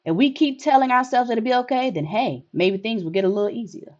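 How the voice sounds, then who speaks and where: A woman's voice: a little high, fairly quick, lo-fi sound, lightly acted. A woman reading as a relentlessly cheerful man. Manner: upbeat, reassuring.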